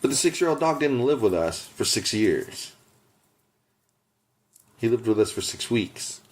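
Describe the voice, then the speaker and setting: A man's voice: medium pitch, very animated, unhurried, darkish tone. A man co-hosting a podcast in casual chat, emphatic and teasing. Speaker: podcast co-host.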